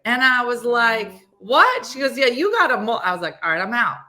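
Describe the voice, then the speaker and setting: A woman's voice: on the high side, fast. A woman hosting a casual morning chat show, telling stories and acting out what people said. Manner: animated storytelling, acting out quoted people. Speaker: host.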